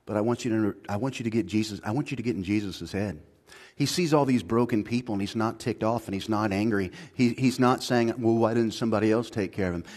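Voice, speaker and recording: A man preaching a sermon as pastor, moving from quiet, low reflection to loud, high-pitched exhortation, with casual slang and repeated restarts.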